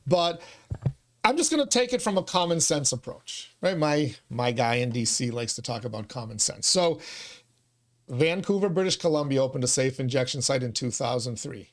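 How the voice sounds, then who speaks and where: A man's voice: mid-range voice, lively intonation, moderate pace. A man hosting a local talk show, making his argument with figures and rhetorical questions. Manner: argues from common sense, cites figures, asks questions. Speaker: show host. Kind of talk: casual talk show conversation.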